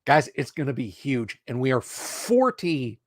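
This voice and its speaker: A middle-aged man hosting a casual livestream, rambling and hyping up his viewers with lively storytelling. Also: medium pitch, a little slow, no room sound, clean studio sound. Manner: animated, hype-building and rambling. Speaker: livestream host.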